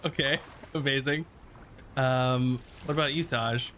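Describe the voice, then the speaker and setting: A man running a tabletop game who narrates scenes casually and loosely, with plenty of pauses and fillers. His voice is mid-pitched and relaxed. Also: a little hiss or hum. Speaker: game master.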